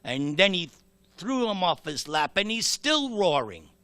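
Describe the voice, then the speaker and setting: A man giving a temple sermon, telling a scripture story dramatically and slowly, with acted voices. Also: sits high, sing-song, sharp tone, clear, resonant tone, no room sound. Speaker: temple speaker.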